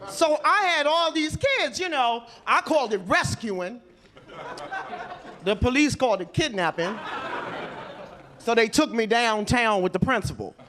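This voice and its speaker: A woman doing a stand-up comedy set on a club stage, telling brash, animated stories with attitude. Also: on the high side, unhurried, pauses often. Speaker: stand-up comic. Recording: live club with loud crowd laughter.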